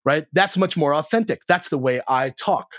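Energetic, blunt man with a dry, close sound. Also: moderate pace, no echo. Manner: energetic and blunt, swears freely, jumps high in pitch for emphasis. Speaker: sales trainer, podcast guest. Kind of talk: casual interview chat.

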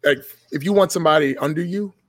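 A young man tells a story in quick, animated bursts, cursing freely. His voice sits a bit high for a man. The sound is close and dry, with no room around it. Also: no echo. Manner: profane, blunt, animated storytelling. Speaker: podcast guest. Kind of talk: casual storytelling.

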